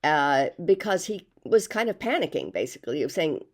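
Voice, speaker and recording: Older female vlogger with a lowish voice, rambling and hesitant, lots of fillers. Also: very animated, moderate pace, few pauses. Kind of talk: casual monologue to camera.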